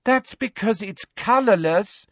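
A man voicing a bold teenage girl calling out loudly and sarcastically. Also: high-pitched, big pitch swings, moderate pace, breathy edge, no room sound, highs cut off, voice pushed up, exaggerated voice. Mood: exasperated.

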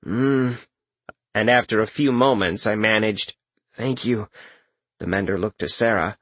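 A man reading a first-person audiobook in a measured, wry manner. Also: on the low side, a bit bright, dry recording. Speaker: narrator.

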